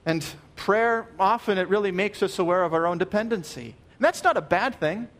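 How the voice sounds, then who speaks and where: A pastor preaching a sermon, earnest and emphatic, repeating key phrases and dropping soft at the ends of phrases. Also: male voice, high-pitched, animated, brisk.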